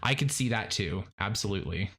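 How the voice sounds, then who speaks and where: A man streaming gameplay live, chatting casually with many fillers and restarts, rising in pitch when excited. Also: brisk.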